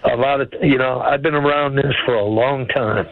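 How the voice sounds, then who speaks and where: An older retired Marine from Maine calling a radio show, talking in a blunt, folksy, rambling way. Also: male voice, medium pitch, fairly even intonation, normal speed, vocal fry, dry recording. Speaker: caller. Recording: phone line.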